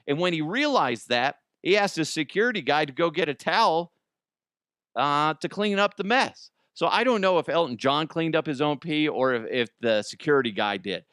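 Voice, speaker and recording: A man's voice: fairly high pitch, bright, forceful tone, no room sound, studio quality. A middle-aged man hosting a comedy news show, rambling and joking. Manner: rambling, joking, laughs often. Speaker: podcast host.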